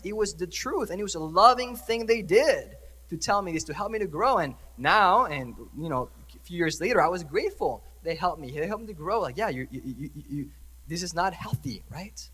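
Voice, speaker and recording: A man's voice: high voice, lively intonation, normal speed, a bit bright, husky. A young man, a priest, preaching a conversational sermon and asking the congregation questions. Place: church. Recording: church hall reverb.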